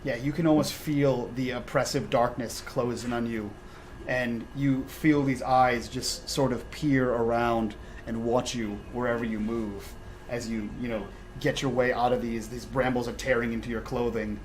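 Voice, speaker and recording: Narrating a tabletop role-playing game as dungeon master, a man describes scenes at a moderate pace, his medium-pitched voice fairly even in intonation. He frequently restarts with "uh" and repeated words, heard on a low-quality recording with slight background noise.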